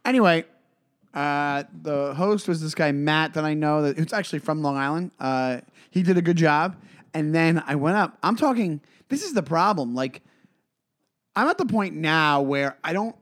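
A man's voice: a little high, moderate pace. A man in his forties, a comedian co-hosting a podcast, telling stories in casual chat with lots of swearing and restarts. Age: 40s. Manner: animated, swearing, many restarts.

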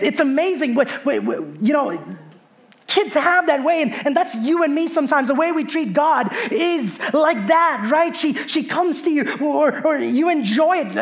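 A pastor in his thirties delivers a lively sermon in a notably high-pitched voice. He preaches with a storyteller's flair, slipping into soft, hushed voices when he acts out his children and God.

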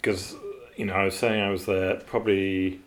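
A man with a very low voice recalls his years as an animator in a relaxed interview. He wanders through his stories, trailing off with ums and starting over mid-sentence. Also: normal speed. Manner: rambling, with many fillers and restarts. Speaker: animator guest. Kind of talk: interview storytelling.

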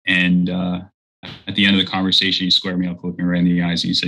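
Fast and monotone, a man in his thirties earnestly recounts his faith journey as an interview guest, performing the quoted voices of others. His voice sits low with a bright, forceful tone, and the audio is poor.

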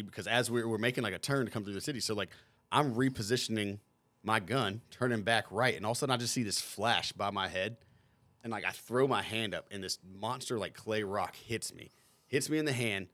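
Guy rattling off a rowdy profane army story, lowish voice, real dry close mic. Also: fairly bright tone, no echo. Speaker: podcast co-host, veteran. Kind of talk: casual storytelling.

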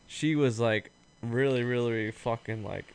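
A man's voice: medium pitch, a little slow, vocal fry, clear, resonant tone. Casual-chat guy in his late twenties, profane and rambling, quotes others as he goes. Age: late 20s. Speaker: storyteller among friends.

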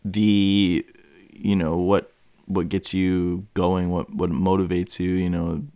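A man's voice: deep voice, flat delivery, slow pace, a little mellow, clear, resonant tone, no echo, clean studio sound. A man hosting a solo podcast, thinking aloud in a meandering way with many fillers and restarts. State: has the hiccups. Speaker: podcast host. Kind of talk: rambling solo podcast monologue.

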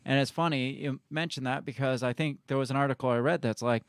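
A man's voice: medium pitch, steady tone, fast, dry recording, clean studio sound. A man co-hosting a casual talk stream, reading news aloud and adding his own blunt comments, often laughing and swearing. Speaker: co-host of a live-streamed talk show.

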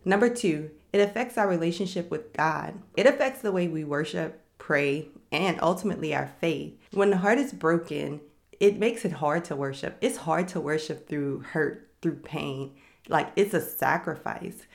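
A young adult woman hosts a faith-based podcast, speaking candidly and reflectively about her own experience. Her voice is deep with vocal fry, and she keeps a moderate pace.

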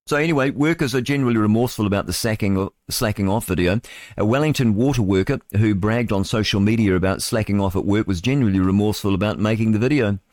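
Male NZ talk-radio host, low voice, dry booth sound, rambling and opinionated, trips over headlines. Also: fast, darkish tone, dry recording. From New Zealand. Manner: stumbles over words while reading headlines aloud. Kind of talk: live talk radio, reading and riffing on news.

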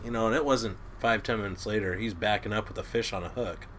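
A middle-aged man, a crab boat captain, telling stories in a casual, animated way and acting out quotes. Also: fairly low pitch, fast talker, slight background noise. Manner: animated storyteller who acts out quotes and laughs. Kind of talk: casual storytelling chat.

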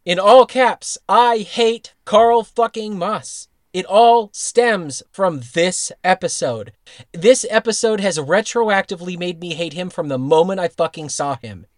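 A man's voice: high-pitched, a little slow, no echo, studio quality. A man co-hosting a podcast, chatting casually about a cartoon and ranting emphatically with heavy swearing. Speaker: podcast co-host. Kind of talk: casual chat reviewing a cartoon episode.

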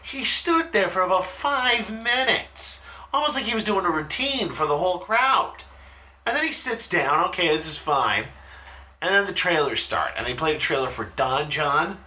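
A man in his thirties casually telling funny stories in a podcast chat, swearing freely and shouting out the lines of the people he quotes. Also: high voice, expressive, normal speed. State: talking quietly at times because his wife sleeps.

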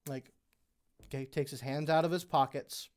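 Game master, tabletop narration, halting, lots of fillers, mid pitch. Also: fairly even intonation, darkish tone.

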